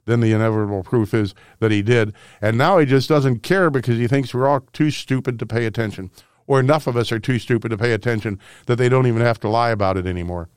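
A man's voice: medium pitch, fast talker, clear, resonant tone, no room sound, clean studio sound. A man in his sixties from St. Louis, Missouri, hosting a political talk radio show in a combative, sarcastic way, with mocking asides. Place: radio studio.

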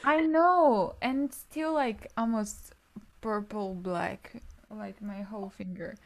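Woman, mid-pitched voice, upbeat storytelling, laughs while talking, casual chat. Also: slow, creaky. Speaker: music student.

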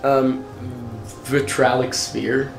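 A man's voice: mid-range voice, level tone, drawn-out words, vocal fry. A man playing a tabletop game, chatting in a playful, scattered way. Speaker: player. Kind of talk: casual tabletop chat. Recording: echoey room, faint music.

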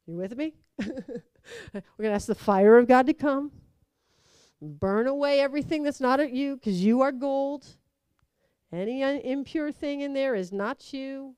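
A woman giving a conversational sermon, telling stories with lively acted-out quotes. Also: sits high, measured pace, long pauses, clean tone, no room sound. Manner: animated storytelling, acts out quotes. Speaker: preacher.

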